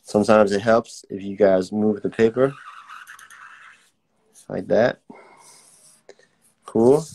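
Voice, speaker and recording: A man's voice: lowish voice, slow, gravelly, long pauses, a little mellow. A young man teaching a casual live-streamed drawing class, chatty and laid-back, reading out viewer comments as he draws. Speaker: art teacher.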